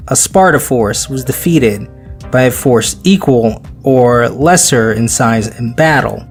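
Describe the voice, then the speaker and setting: A man's voice: medium pitch, takes it slowly, faint music behind. Joking man hosting a history podcast. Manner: chatty, joking, stumbles over names. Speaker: podcast host. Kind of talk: casual history podcast chat.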